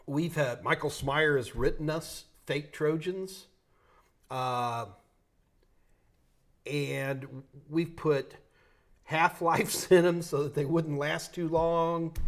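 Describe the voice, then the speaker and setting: A man with a New York accent hosting a live tech Q&A stream, talking loosely, joking and thinking aloud with restarts. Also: a little high. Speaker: host answering tech questions.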